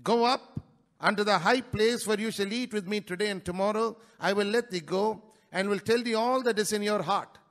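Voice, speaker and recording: A male pastor preaching a sermon in a church, breaking into sudden loud rises and dropping into quick, quieter asides. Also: high-pitched. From India.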